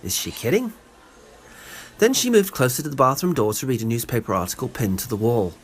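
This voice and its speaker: A man's voice: medium pitch, sing-song, fairly quick, slight background noise. A man with an English accent narrating a comic personal story in a wry, sarcastic way. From England.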